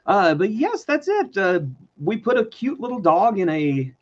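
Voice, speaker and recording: A man with a Texan accent, a show co-host in casual chat, playful and quick to slip into silly voices. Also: sits high, very animated, muffled recording. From Texas. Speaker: podcast co-host.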